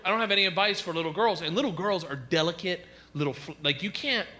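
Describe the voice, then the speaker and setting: A male stand-up comedian telling brash, animated stories with big shouted punchlines, recorded live on a comedy stage through a handheld stage mic. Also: sits high, fast. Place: comedy stage in front of an audience.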